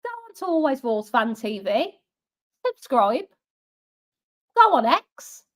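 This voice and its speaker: Young woman, high voice, sarcastic live-stream football fan host. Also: big pitch swings, slow, fairly bright tone. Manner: sarcastic, chatty, reads out viewer comments. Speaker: fan channel watch-along host. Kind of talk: live match watch-along chat.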